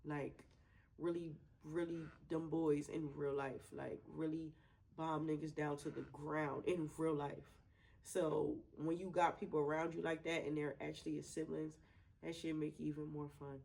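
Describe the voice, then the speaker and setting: A woman being interviewed about her twin brother, talking in a loose, chatty way with lots of laughter, and going soft and quiet when she says she misses him. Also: low-pitched, little pitch movement, moderate pace, creaky, poor audio. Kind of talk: casual interview.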